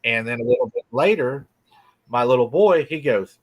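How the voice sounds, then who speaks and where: A folksy middle-aged man spins a spooky campfire-style tale with an easy drawl. His voice sits at an ordinary pitch and moves at a relaxed, conversational pace. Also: fast. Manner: folksy, drawling, laughs often. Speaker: guest telling a cryptid encounter. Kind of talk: casual storytelling. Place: rural farm home.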